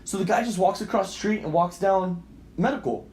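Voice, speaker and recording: A young man co-hosting a podcast, telling a story casually with lots of swearing and acted-out shouting. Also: sits high, fairly quick, reverberant, a little hiss or hum. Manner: animated, profane, acts out voices and shouts in quotes. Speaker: podcast co-host.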